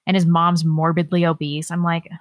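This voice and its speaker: A woman with a somewhat low voice co-hosts a casual political podcast. She is sarcastic and offhand, reading listener comments with mock sincerity. The sound is dry and close to the mic. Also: level tone, moderate pace, no room sound. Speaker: podcast co-host.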